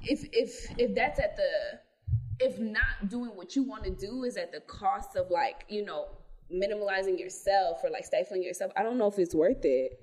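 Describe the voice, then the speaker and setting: A woman's voice: medium pitch, moderate pace, darkish tone. A young woman co-hosting a podcast, chatting casually with lots of fillers and restarts. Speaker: podcast co-host.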